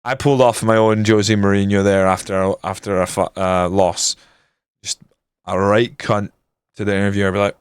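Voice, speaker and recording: A man's voice: fairly low pitch, flat delivery, normal speed, clean tone, no room sound, studio quality. Swearing, frustrated game streamer man. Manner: frustrated, grumbling, swears often. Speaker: streamer playing a football management game. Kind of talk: casual live-stream commentary.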